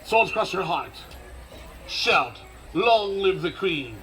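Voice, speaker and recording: A man's voice: high-pitched, big pitch swings, slow pace, very noisy. A man leading a crowd in live outdoor street theater, commanding and theatrical with dry sarcastic asides. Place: outdoor festival stage.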